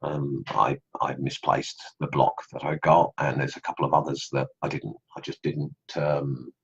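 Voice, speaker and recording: A man's voice: extremely low pitch, fairly even intonation, moderate pace, vocal fry, breathy edge, dull audio. A middle-aged man from England with an Australian accent layered over English, hosting a casual live stream and rambling through viewer comments with many ums. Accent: Australian with English traces. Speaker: online group host. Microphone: computer mic on live stream.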